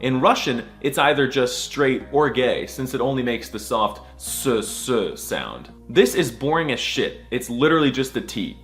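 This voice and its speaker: A man's voice: mid-range voice, lively intonation, moderate pace, hardly any pauses, a bit bright, faint music behind. A young man giving a jokey scripted voice-over lesson, sarcastic and crude with a mock-serious tone. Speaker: comedy language explainer.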